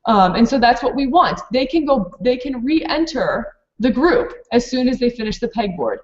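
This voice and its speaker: A woman's voice: fairly high pitch, big pitch swings, normal speed. A woman presenting a teacher webinar, practical and matter-of-fact, with many fillers. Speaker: preschool program director presenting to teachers. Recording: dull lo-fi webinar audio.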